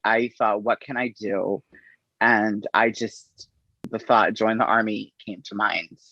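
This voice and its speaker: A middle-aged man, an interview guest, telling his story in an unhurried, halting way and acting out the exchanges he quotes. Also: fairly low pitch, steady tone, vocal fry, sharp tone, no room sound. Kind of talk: conversational storytelling. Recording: dull, slightly lo-fi audio.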